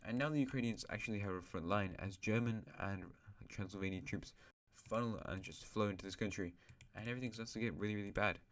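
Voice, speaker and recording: A man's voice: on the low side, fast talker, few pauses, a bit bright. A male host casually narrating an alternate-history map, rambling with asides and correcting himself.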